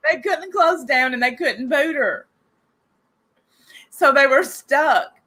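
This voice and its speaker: She speaks slowly in a high, expressive voice that's pushed and bright. A podcast host with a cough, she runs a casual talk show where she rambles, gossips and chats directly with her listeners.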